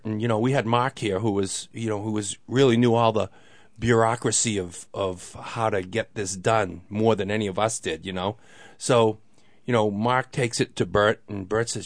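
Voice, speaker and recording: A man's voice: lowish voice, moderate pace, dry recording. A man telling a story as a guest in a casual way, rambling with many fillers and acting out quoted voices. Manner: rambling, fills talk with "you know", acts out quoted voices. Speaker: guest, local baseball organizer.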